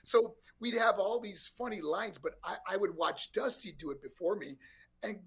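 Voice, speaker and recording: There's slight background noise as a man in his sixties from New York, USA, a former pro wrestler, spins stories in a casual interview. His voice sits high at a moderate pace, and he laughs frequently while acting out voices with animated energy.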